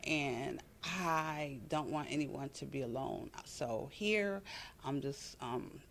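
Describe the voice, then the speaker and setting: A woman's voice: extremely low pitch, slow. A woman hosting a casual solo podcast from home, talking earnestly with frequent fillers and self-corrections as she reads from her notes. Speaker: podcast host.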